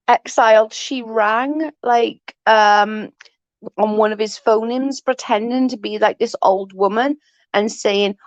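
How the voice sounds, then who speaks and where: A woman's voice: a little high, slow pace, no echo. A woman in her forties chatting casually with viewers on a livestream, laughing often and swearing freely as she rambles. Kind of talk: casual live chat. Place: at home. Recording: dull, dry lo-fi sound.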